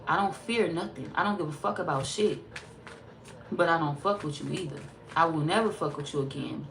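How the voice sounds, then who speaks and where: A woman's voice: lowish voice, a little hiss or hum. Woman tarot reader, blunt and profane, sassy, emphatic casual talk. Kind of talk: casual tarot reading monologue.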